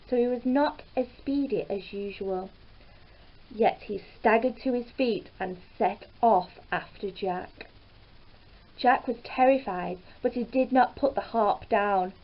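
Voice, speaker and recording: A woman's voice: mid-range voice, dull audio. A woman narrating a fairy tale aloud in a careful storybook reading. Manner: slow, careful read-aloud delivery.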